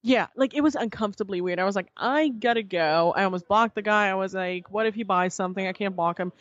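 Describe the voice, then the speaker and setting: A woman guest on a podcast, telling a story in casual chat, animated and swearing freely as she acts out what others said. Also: medium pitch, quick pace, no echo, dull audio.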